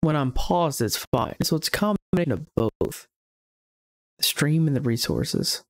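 Slow-talking man streaming a game. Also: a little high, lively intonation, dry recording. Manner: muttering to himself while browsing. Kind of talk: casual live-stream commentary.

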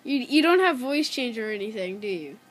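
A woman's voice: fairly high pitch, lively intonation, fairly quick, faint music behind. A woman chatting casually in an online game lobby, giggly and easily impressed.

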